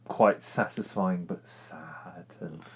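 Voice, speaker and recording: A man with a fairly low voice chats casually about films. He talks hesitantly, restarting and trailing off as he goes. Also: fairly even intonation, takes it slowly, husky.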